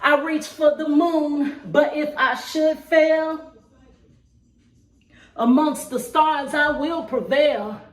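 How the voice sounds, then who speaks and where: A woman's voice: high-pitched, fairly even intonation, slow. A woman reciting her own spoken word poem with a rhythmic, emphatic rhyming delivery. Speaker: vlogger and spoken word poet. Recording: roomy echo.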